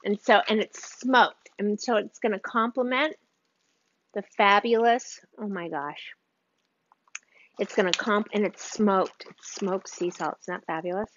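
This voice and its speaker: A woman's voice: mid-range voice, fairly even intonation, unhurried, fairly bright tone, lo-fi sound, slight background noise. A woman hosting a live cooking demonstration from her kitchen, gushing and chatting with her viewers. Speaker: cooking show host.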